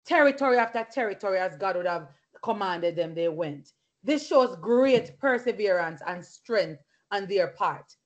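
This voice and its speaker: A woman with a mid-range voice and lively intonation leads a Bible study at a moderate pace, turning it into a fervent sermon with personal testimony. She breaks into hallelujahs and praise between points, captured in a lo-fi recording.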